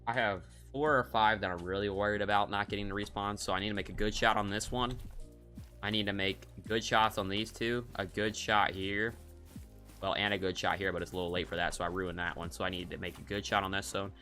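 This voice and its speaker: A man's voice: lowish voice, steady tone, brisk, bright, forceful tone, soft background music. A man streaming a hunting game, giving casual, rambling commentary and cracking jokes as he thinks aloud.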